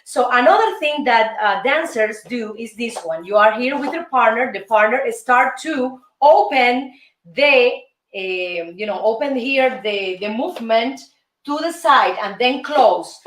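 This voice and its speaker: High-voiced Cuban woman teaching salsa. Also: lively intonation, a little slow, a bit bright, slight background noise. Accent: Cuban Spanish. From Cuba. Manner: counts beats aloud, calls out steps, chatty. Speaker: dance teacher and show host. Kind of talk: salsa lesson. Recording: roomy, distant mic, music behind.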